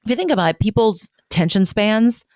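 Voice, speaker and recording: A woman's voice: medium pitch, lively intonation, brisk, darkish tone, no room sound, studio quality. A woman co-hosting a podcast in casual chat, candid, self-deprecating and long-winded. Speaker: podcast co-host.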